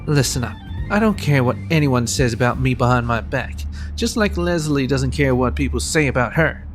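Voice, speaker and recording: A man's voice: medium pitch, lively intonation, normal speed, over music, close to an everyday voice. A man voicing a blunt, prickly young woman researcher who is secretly socially awkward, brusque one moment and flustered the next. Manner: brusque, then flustered and rambling.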